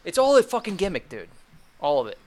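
A man's voice: high-pitched, wildly swooping pitch, quick pace, darkish tone. Heated, swearing podcast co-host man. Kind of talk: casual chat.

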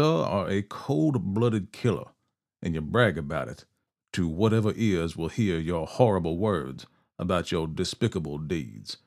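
A man voicing a stern old male judge, grave and slow. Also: low-pitched, darkish tone.

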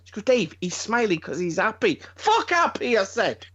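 A middle-aged man, telling animated stories on a podcast and swearing constantly. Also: high voice, normal speed, breathy edge. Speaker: podcast co-host. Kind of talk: casual storytelling chat. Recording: slightly dull lo-fi sound.

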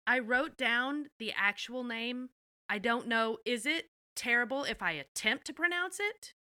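Bright, dry-sounding woman podcast co-host. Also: on the high side, animated, unhurried, no echo. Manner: enthusiastic, swears casually. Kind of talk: casual recap chat.

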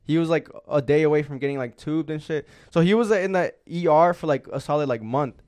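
A man's voice: a little high, a little fast, darkish tone. A young man co-hosting a podcast, telling a long story in casual chat, rambling and swearing with lots of filler words. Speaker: podcast co-host.

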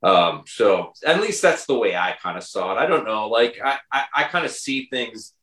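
A man's voice: medium pitch, animated, moderate pace, a bit bright, roomy sound, poor audio. A man in a casual conversation about his album, talking his songs through with many restarts and fillers. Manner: hesitant, full of restarts and fillers. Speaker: songwriter and bandleader.

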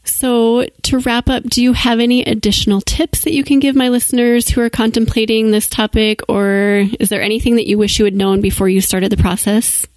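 A woman's voice: a little high, fairly even intonation, a little fast, hardly any pauses, darkish tone, no room sound. A woman hosting a podcast, upbeat and playful as she interviews a guest and wraps up the show. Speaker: podcast host. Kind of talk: casual interview chat.

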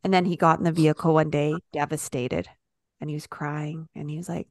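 A woman co-hosting a podcast, telling stories in a casual, animated way. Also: deep voice, brisk, dry recording, clean studio sound. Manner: animated, easygoing storyteller. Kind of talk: casual storytelling.

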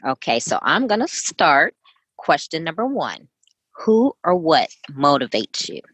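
A woman's voice: deep voice, very animated, unhurried, a bit bright, husky, dry recording. A woman hosting an interview, encouraging her guest and summing up her points. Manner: encouraging, sums up what the guest says. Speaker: host. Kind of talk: conversational interview.

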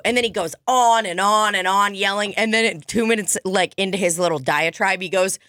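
A woman co-hosting a casual chat, telling stories in an animated, profane way. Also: medium pitch, fairly quick, few pauses, no echo, studio quality. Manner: profane, animated storytelling with acted quotes.

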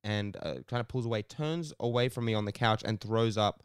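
A man's voice: on the low side, brisk, clean tone, dry recording, clean studio sound. A young man, co-hosting a podcast and telling stories in casual chat, laughing often and swearing casually. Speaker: podcast co-host.

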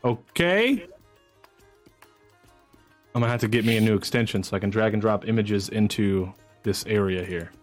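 A man narrating as game master of a streamed tabletop game, energetic and chatty, swinging into excited whoops. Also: on the low side, normal speed, long pauses, soft background music.

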